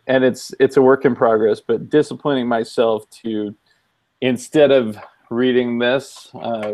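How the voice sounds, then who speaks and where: A man co-hosting a casual chat, relaxed and measured, with many ums, wearing headphones. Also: medium pitch. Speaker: co-host.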